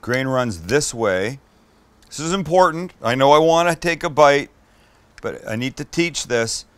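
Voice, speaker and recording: In a smooth, dry recording, a middle-aged cooking show host talks with lively intonation at a measured pace in a mid-range voice. Tasting his food during a casual demo, he speaks to the camera mid-bite, swearing and full of enthusiasm.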